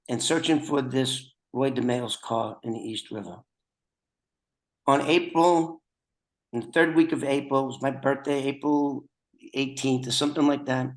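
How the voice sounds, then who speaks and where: A man's voice: mid-range voice, poor audio. An older man hosting a podcast over a video call, chatting casually with rambling, joking asides. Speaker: podcast host.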